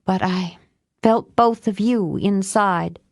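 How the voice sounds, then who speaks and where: A woman voicing a tough, blunt young witch with a quick temper. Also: medium pitch, gravelly, dry recording, studio quality. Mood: relieved.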